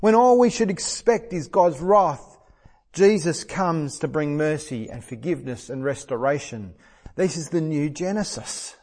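Male preacher, middle-aged, slightly high voice, emphatic sermon delivery. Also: lively intonation, measured pace, darkish tone. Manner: earnest, emphatic, repeats phrases for stress.

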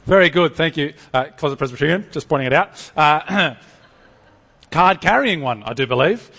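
A man preaches to a congregation. His fairly high voice leaps up and down in pitch. He often stumbles and restarts his phrases as he talks. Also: moderate pace, vocal fry, husky, in a large hall. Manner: lively, animated, stammering restarts. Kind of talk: sermon.

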